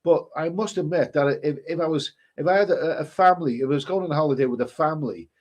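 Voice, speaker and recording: Guy vlogging w a bit of a cold, slightly high voice, rambly chat with lots of restarts. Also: fast, darkish tone. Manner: rambling, chatty, many restarts. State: stuffy with a cold. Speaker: travel vlogger reading viewer comments. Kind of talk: casual live-stream chat.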